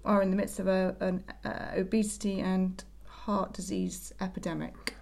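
Woman with a gravelly voice. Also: mid-range voice, steady tone, normal speed, darkish tone. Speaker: podcast co-host. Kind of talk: casual chat.

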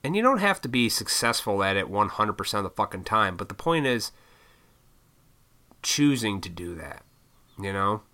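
A man's voice: on the low side, sing-song, normal speed, long pauses, bright, forceful tone. A middle-aged man giving a blunt, profane motivational rant in a casual style, often mocking other people in impressions.

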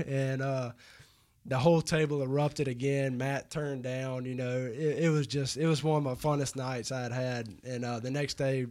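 A mid-pitched man tells a story in a relaxed interview, stacking fillers and restarting his sentences. His telling is loose and animated. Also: normal speed. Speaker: guest, professional baseball player.

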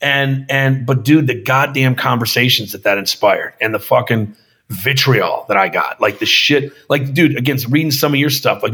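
A man's voice: medium pitch, moderate pace, bright, forceful tone, breathy edge. A man who makes films, talking casually on a podcast, swearing freely and calling the other man dude and brother. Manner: profane, calls listener dude and brother. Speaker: filmmaker guest.

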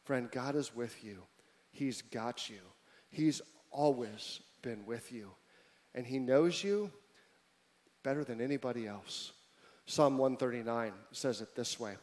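A man preaching a sermon to a congregation, joking with the crowd at times and then dropping to a hushed, intimate tone. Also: mid-range voice, measured pace. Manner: swings from loud emphatic preaching to hushed near-whisper; humorous asides to the congregation. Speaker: pastor.

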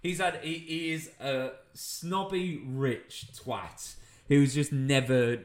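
A man's voice: mid-range voice, takes it slowly, a little hiss or hum. A young man on a podcast tells a comic story in a casual way, with lots of fillers and swearing.

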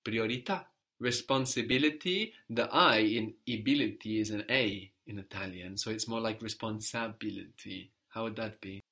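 A man's voice: on the low side, moderate pace, bright, forceful tone. A man teaching a language lesson, patiently prompting a student and explaining grammar step by step.

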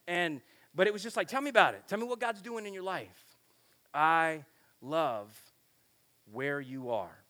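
A middle-aged man preaching at a youth camp, pitched a bit high with a bright, forceful edge. He jokes, swings his energy up and down and acts out little conversations with his kids. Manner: animated, joking, acts out family dialogue. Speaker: pastor speaking at a youth camp. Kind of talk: energetic sermon to teenagers.

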